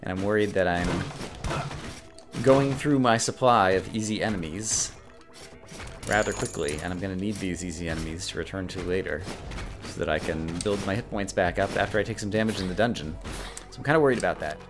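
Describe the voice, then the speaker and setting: A man giving casual let's-play commentary, talking fast, tripping over his words and getting excitable, with game music behind him. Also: sits low. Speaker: gaming video host.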